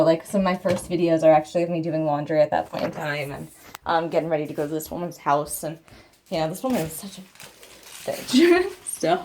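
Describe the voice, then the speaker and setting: A woman's voice: on the low side, a little mellow, slight background noise. Chatty woman venting in a home vlog. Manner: chatty, venting, quotes people in her stories. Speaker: vlogger and mother. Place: at home, indoors.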